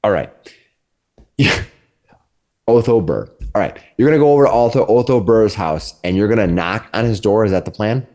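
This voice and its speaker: Halting male game master narrating. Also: on the low side, expressive, a little mellow. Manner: halting, repeats words.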